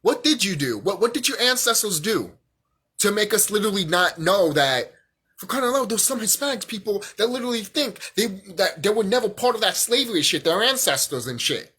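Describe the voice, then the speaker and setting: A man's voice: high-pitched, very animated, a little fast, bright, forceful tone, slightly rough. A young man vlogging a heated, profane rant, often repeating himself. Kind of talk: angry rant monologue.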